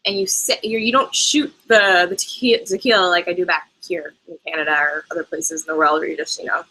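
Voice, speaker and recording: A bubbly woman chatting live with her viewers about travel. Her voice is bright and forward, and she laughs often between her easy, casual answers. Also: lowish voice, steady tone, brisk, low-quality recording. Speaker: travel vlogger host. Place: lives in Canada.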